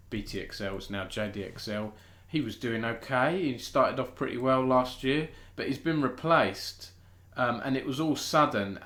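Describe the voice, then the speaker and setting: A man's voice: mid-range voice, fairly bright tone, echoey room. Chatty British man hosting esports news. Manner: chatty, self-interrupting, thinks aloud. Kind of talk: casual live-stream news chat.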